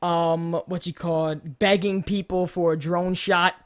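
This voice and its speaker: High-voiced young New guy rambling. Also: level tone, measured pace. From New York. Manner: rambling storyteller, swears a lot, acts out quotes loudly. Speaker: podcast co-host, YouTuber. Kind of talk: casual chat.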